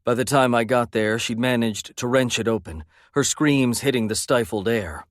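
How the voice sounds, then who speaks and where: A man's voice: on the low side, moderate pace, hardly any pauses, dry recording, studio quality. A man narrating a first-person romance audiobook in an intense, brooding way.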